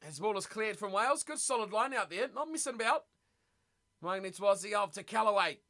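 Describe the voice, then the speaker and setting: A man hosting a live watch party stream, reacting excitedly to a rugby match and chatting with viewers. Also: sits high, a little fast. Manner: excitable, chatty, reads viewer messages aloud.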